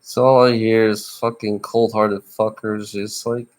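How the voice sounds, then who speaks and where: A tired middle-aged man livestreaming alone, ranting bitterly and swearing, with rough laughs between complaints. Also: lowish voice, level tone, unhurried. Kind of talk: ranting live stream monologue.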